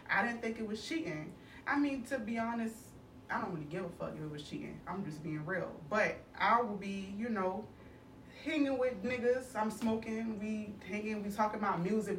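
Blunt woman telling it straight, kinda far from the mic, roomy echo, faint room hum. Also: medium pitch. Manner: blunt, profane, candid storytelling. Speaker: panel guest. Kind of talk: casual group debate.

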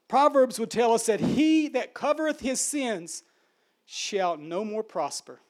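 A man preaching a sermon, swinging between hushed and forceful, repeating words as he builds each point. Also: extremely high pitch. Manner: emphatic, dramatic swings between soft and loud.

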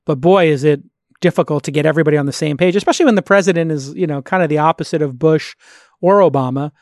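A man's voice: on the high side, fast talker, dry recording, clean studio sound. A man hosting a podcast, talking in a casual, chatty way and thinking aloud as he goes. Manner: talkative, thinks aloud, restarts sentences. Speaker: podcast host. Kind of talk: casual conversational discussion.

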